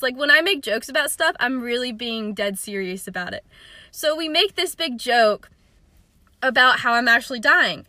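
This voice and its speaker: Young woman podcast host, high bright voice, chatty and jokey, dry close sound. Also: sing-song, normal speed, no echo. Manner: chatty, self-mocking, laughs often. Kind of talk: casual storytelling.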